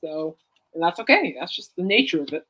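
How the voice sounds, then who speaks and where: A woman's voice: lowish voice, sing-song, a little fast, sharp tone, husky. A woman hosting a casual chat show, rambling and giggling as she tells everyday stories. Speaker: podcast host.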